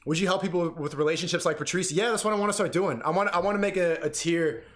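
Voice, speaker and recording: A young man ranting excitedly and profanely while reacting to clips on a live stream. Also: high voice, quick pace.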